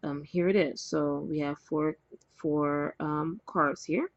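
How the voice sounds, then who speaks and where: Low-voiced woman doing a chatty tarot reading. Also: steady tone, takes it slowly, no room sound, lo-fi sound. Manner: chatty and rambling, with many fillers and apologies. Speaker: tarot reader. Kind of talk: casual spoken tarot reading. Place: indoors at a table with cards. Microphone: camera mic, face not shown.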